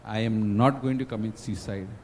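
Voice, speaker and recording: A man's voice: lowish voice, steady tone, moderate pace, a little hiss or hum, poor audio. Emotional Indian man telling his story. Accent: Indian English. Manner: emotional storytelling with dramatic swings in loudness. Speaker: guest speaker at a student induction. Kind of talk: personal testimony talk.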